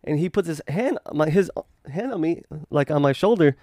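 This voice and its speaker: A man hosting a podcast, telling a story in animated casual chat, acting out quotes and swearing freely. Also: on the high side, normal speed, no echo, clean studio sound. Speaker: podcast host.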